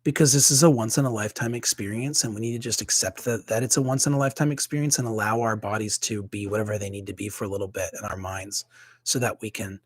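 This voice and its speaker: A man's voice: lowish voice, steady tone, fast talker, breathy edge, no echo. A man, a priest, talking candidly and casually on a livestream, rambling with many fillers and restarts.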